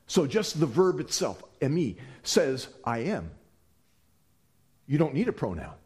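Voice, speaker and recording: A man preaching with huge swings of pitch, stressing his words as he goes. He speaks slowly and his voice has a husky edge. He often restarts a phrase before pushing on. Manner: animated and emphatic, with frequent restarts. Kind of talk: sermon.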